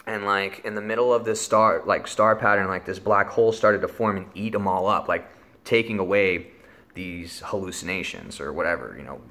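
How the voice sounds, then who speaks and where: Young male vlogger, low and bright voice, loose rambling storyteller. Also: normal speed. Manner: rambling, lots of filler words and swearing. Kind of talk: casual storytelling.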